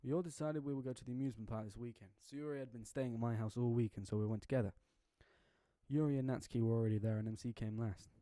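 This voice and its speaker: Young man, story reader, mellow dark tone, dry close sound, slangy jokey asides. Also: mid-range voice, fast talker, no room sound. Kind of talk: reading a fan story aloud with asides.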